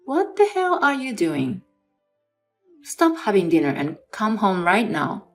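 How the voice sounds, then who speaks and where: A woman's voice: on the low side, lively intonation, moderate pace, faint music behind, lightly acted. A woman voicing a stern aunt in a dramatized story, firmly scolding her nephew. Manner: firm and scolding.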